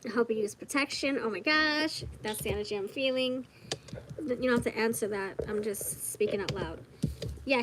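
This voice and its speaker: A woman's voice: a little high, a little hiss or hum, low-quality recording. Giggly, chatty woman tarot reader. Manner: chatty, giggly, thinks out loud. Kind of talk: casual tarot reading to the viewer.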